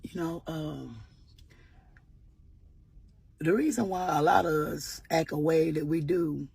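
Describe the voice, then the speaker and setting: A woman's voice: low-pitched, takes it slowly, gravelly, a little mellow, husky. A woman earnestly telling a personal story in a vlog, often repeating "I said" and offering religious encouragement. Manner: earnest, repeats "I said" while retelling. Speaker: vlogger.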